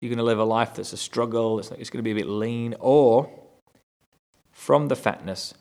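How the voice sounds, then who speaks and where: A man's voice: mid-range voice, level tone, fast talker, a little mellow. A man teaching through a Bible chapter, reading verses aloud and explaining them in a conversational way. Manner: conversational, rereads verses with rising emphasis.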